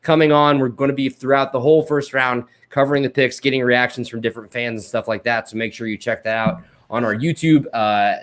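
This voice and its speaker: A man's voice: mid-range voice, steady tone, a little fast, hardly any pauses, fairly bright tone. Laid-back joking podcast host, a man. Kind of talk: casual podcast chat.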